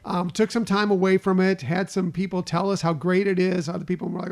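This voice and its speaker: A man with a high voice and a gravelly rasp chats on a podcast. He rambles in a relaxed way and fills pauses with ums and uhs. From Florida. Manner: relaxed, rambling, many fillers. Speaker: podcast co-host. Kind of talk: casual podcast chat.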